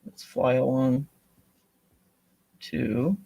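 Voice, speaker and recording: Man, husky voice, unhurried, narrates his own kit build in loose self-talk. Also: mid-range voice, fairly even intonation, warm tone, dry recording. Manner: mutters to himself, self-deprecating. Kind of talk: casual thinking aloud while building.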